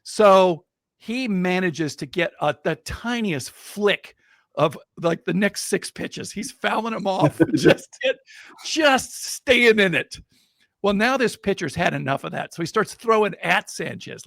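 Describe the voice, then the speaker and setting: A middle-aged man, a guest in a casual interview, telling an anecdote in an animated way and building suspense. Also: high voice, a little slow, gravelly, no room sound, clean studio sound. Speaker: guest storyteller.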